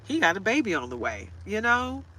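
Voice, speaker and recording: A woman's voice: mid-range voice, sing-song, a little fast, sharp tone, poor audio. A woman tarot reader chatting to camera from inside a parked truck, telling stories, laughing often and now and then getting choked up. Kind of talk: casual chat to camera.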